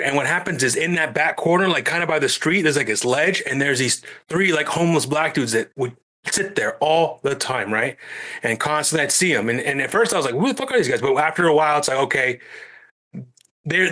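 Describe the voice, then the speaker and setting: A man, a guest on a podcast, telling a story in casual conversation with lots of swearing. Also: on the high side. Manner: animated storytelling with frequent swearing.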